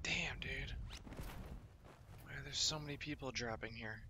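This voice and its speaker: A man's voice: medium pitch, measured pace, noisy background. A man streaming a game, telling a long joke in a casual, profane, rambling way. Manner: profane, rambling storyteller with restarts.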